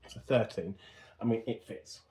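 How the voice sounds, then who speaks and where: A car restoration vlogger with a lowish, mellow voice at normal speed chats to camera while working on an old car in his home workshop. He jokes at his own expense and talks to himself as he goes. The workshop is noisy, with dogs barking.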